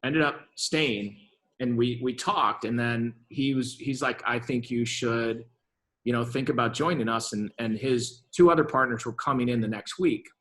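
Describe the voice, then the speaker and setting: A man in his fifties talks as a venture capitalist guest in a conversational interview. His voice sits at an ordinary middle pitch for a man. He tells stories with lively energy, acts out quoted exchanges, and often restarts his sentences. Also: moderate pace. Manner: lively storyteller who acts out quoted dialogue, with frequent restarts.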